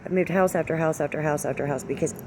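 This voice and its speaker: A woman's voice: sits low, fast. A woman in her forties talking in a candid, rambling, heavily profane confessional monologue, recorded with car noise behind. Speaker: vlogger.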